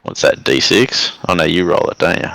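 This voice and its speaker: A man's voice: sits low, expressive, normal speed, vocal fry, fairly bright tone, dry recording, low-quality recording. A man playing a tabletop game on a voice call, hesitant and full of ums as he asks the game master questions. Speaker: player. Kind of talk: casual tabletop game play. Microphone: online voice call.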